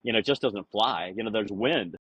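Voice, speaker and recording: A man in a casual podcast conversation, rambling through anecdotes with lots of "you know" and acting out quoted lines in a higher voice. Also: brisk, fairly bright tone, highs cut off, a little hiss or hum. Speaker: podcast guest.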